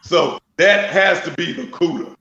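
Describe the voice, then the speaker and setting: A man's voice: sits high, measured pace, gravelly, reverberant, lo-fi sound. A man, a guest drag racer telling stories with a laugh in a casual chat. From Memphis, Tennessee. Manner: animated storyteller, laughs often.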